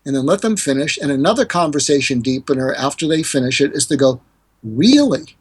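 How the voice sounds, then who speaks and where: A man's voice: fast talker, slightly rough. An older man, a hostage negotiator and author, explaining communication techniques in a podcast interview and acting out quoted lines. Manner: animated, acts out quoted dialogue with pitch jumps.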